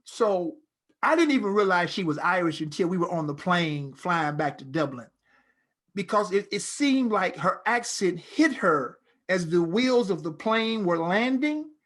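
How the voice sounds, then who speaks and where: A middle-aged man, an actor, talking as an interview guest in a loose, rambling, animated storytelling way. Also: high-pitched, measured pace. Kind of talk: casual interview conversation.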